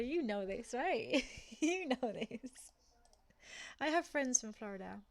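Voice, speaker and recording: Brief: woman streamer, Black Country accent, a bit high-pitched, chatty, laughs easily. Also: big pitch swings, slow, pauses often. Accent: Black Country (West Midlands English). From England. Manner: chatty, laughs often, talks to chat viewers. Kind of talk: casual chat while gaming.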